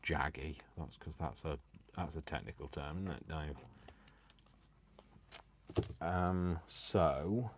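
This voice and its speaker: Male craft host, very low register, casual live chat, jokes at his own expense. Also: slow pace, pauses often, noisy background. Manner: chatty, self-mocking, jokes to himself and the viewers.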